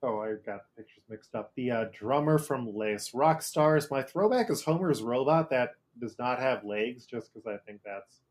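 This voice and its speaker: A man's voice: medium pitch, lively intonation, normal speed, few pauses. A man hosting a casual podcast chat, steering the segment with dry, jokey asides. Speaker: podcast host.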